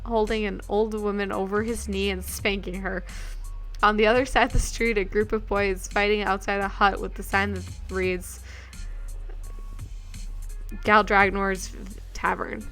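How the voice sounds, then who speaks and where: A woman's voice: mid-range voice, flat delivery, a little slow, a bit bright, faint music behind. A woman streamer narrating a gamebook in second person, reading aloud with small slips and self-corrections.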